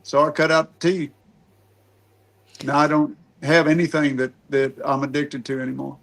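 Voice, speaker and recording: A middle-aged man with a fairly high voice hosts a relaxed podcast conversation. He talks in a folksy, meandering way and restarts his sentences as he goes. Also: normal speed, vocal fry. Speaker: podcast host. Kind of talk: casual podcast chat.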